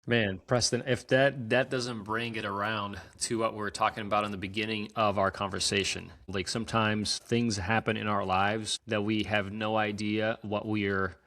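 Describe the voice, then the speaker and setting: Man, podcast host, lowish voice, reflective, encouraging. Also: flat delivery, normal speed, hardly any pauses, a bit bright. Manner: reflective, encouraging, faith-minded remarks. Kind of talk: conversational interview.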